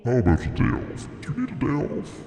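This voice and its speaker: A man voicing an ambitious entity that thinks it is a god, smooth, flattering and grandiose. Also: mid-range voice, brisk, soft background music. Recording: roomy echo with long reverb.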